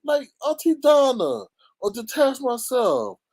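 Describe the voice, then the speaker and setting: A man hosting a casual gossip commentary, animated and mocking, often jumping into high squeals. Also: moderate pace, dry recording. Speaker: YouTube commentary host.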